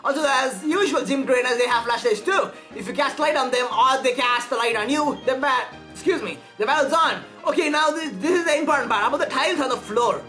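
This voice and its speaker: Chirpy gym guide, read by a woman, high voice. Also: brisk, hardly any pauses, fairly bright tone, soft background music. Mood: upbeat.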